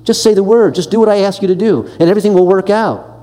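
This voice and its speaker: A man sketching a sly male tempter who coaxes in a raised, smooth voice. The lines ring in a long hall reverb. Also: high voice, quick pace, warm tone, voice pushed up, close to an everyday voice. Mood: coaxing.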